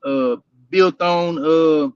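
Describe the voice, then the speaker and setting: A man's voice: on the high side, very slow, a little mellow, clear, resonant tone, no room sound, lo-fi sound. A man from Houston with a Texas accent, telling hunting stories in a drawling, laughing way. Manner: drawling, laughs often, restarts mid-sentence. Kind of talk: casual storytelling chat.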